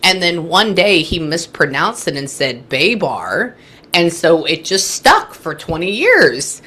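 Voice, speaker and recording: Her voice is lowish and husky, slow and sing-song, pushed and bright. She's a thirtysomething guest medium recounting a reading with lively storytelling, performing both sides of the conversation as she remembers it.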